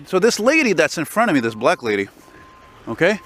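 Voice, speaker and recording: A man's voice: fairly high pitch, very animated, fairly quick, a bit bright. A man, walking through snowy city streets and telling a rambling, profanity-laced story to his handheld camera. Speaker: vlogger. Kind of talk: casual walking vlog storytelling. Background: faint city traffic.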